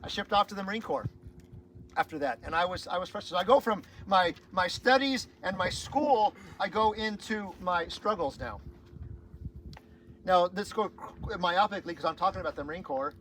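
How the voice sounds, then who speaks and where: A man's voice: sits high, moderate pace, a bit bright, slight background noise, rough recording. A middle-aged man telling a rambling personal story to an audience, stumbling over repeated words and acting out the people he quotes. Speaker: speaker telling his life story.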